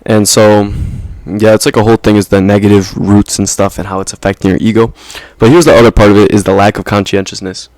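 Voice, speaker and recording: A young man talking straight to his viewers in a loose, rambling way, leaning on slang and little "you know?" checks. His voice sits on the low side and comes through dry and close, with no room sound around it. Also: little pitch movement, fast, hardly any pauses, a little mellow, no echo. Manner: rambling, slangy, self-interrupting with "like" and "right?". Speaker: vlogger. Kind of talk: casual monologue to camera.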